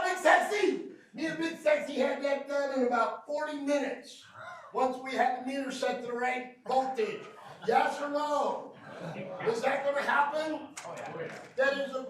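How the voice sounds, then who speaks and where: A man teaching a hands-on technical class to field technicians, telling self-mocking stories and quizzing the room for answers. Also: very high-pitched. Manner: joking storyteller who quizzes the class. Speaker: field service trainer. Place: training room with a live class. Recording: very echoey room, recorded from far off.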